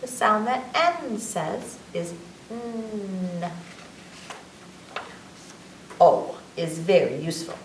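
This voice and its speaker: A woman reading an alphabet book aloud at children's story time, teacherly and lively, drawing out each letter sound. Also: medium pitch, drawn-out words, long pauses. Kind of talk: slow, sing-song children's story time. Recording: echoey room, mic at a distance, faint background hum.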